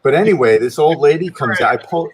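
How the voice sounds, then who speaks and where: A man's voice: expressive, fast, crowd noise. A man casually telling a long story with many restarts, his voice jumping up when he quotes himself. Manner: rambling, many restarts, pitch jumps up when quoting himself. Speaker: guest artist telling a story.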